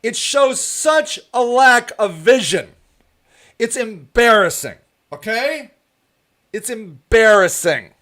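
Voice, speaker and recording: A man hosting his own show, giving heated, profane political commentary that often breaks into shouting. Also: extremely high pitch, very animated, takes it slowly. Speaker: show host.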